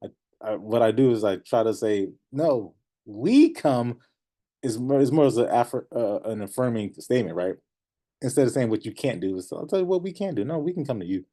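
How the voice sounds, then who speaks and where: A man coaching a class in a casual, animated way, often laughing and acting out what clients say. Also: lowish voice, quick pace. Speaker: notary business coach. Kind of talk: teaching class, casual talk.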